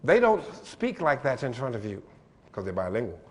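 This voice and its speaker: A man giving a lively lecture-style keynote address, playful and animated, spelling out letters and mimicking pronunciations. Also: mid-range voice, moderate pace, in a large hall, a little hiss or hum. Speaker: keynote speaker.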